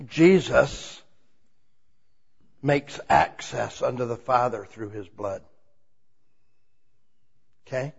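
A man preaching an informal, conversational sermon, asking the congregation many questions and swinging between quiet asides and loud, emphatic lines. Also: mid-range voice, lively intonation, slow pace, gravelly, long pauses, slightly rough, highs cut off. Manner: asks the listeners many rhetorical questions.

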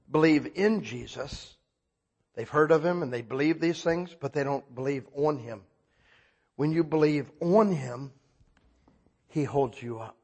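Husky, high-pitched man preaching his testimony. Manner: swings from hushed reverence to excited shouting; storytelling, humorous and emotional. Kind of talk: personal testimony sermon.

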